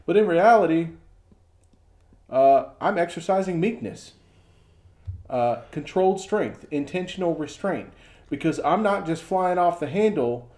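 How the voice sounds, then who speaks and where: A man's voice: on the high side, measured pace, long pauses. Storytelling man on a casual podcast. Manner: storytelling with lively acted-out quotes. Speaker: podcast co-host.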